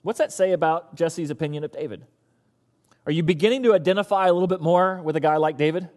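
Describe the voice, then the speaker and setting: A man preaching a sermon as pastor, an animated storyteller who acts out the characters. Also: fairly high pitch, quick pace, big-room sound.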